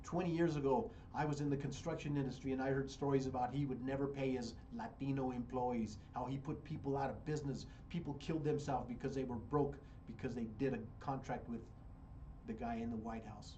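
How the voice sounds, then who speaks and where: A man's voice: mid-range voice, steady tone, fairly quick, mellow, dull audio, a little hiss or hum. An American man hosting a radio show, giving fiery political commentary and repeating phrases for emphasis. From United States. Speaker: radio host.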